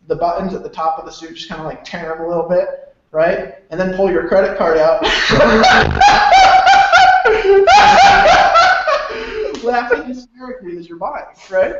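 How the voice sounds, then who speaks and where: A man's voice: high-pitched, fairly quick, very noisy. A man hosting an online sales talk who rambles, swears, restarts his sentences and laughs often. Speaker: host of an online sales webinar. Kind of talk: loose, rambling sales pitch. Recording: very echoey room, dull lo-fi sound.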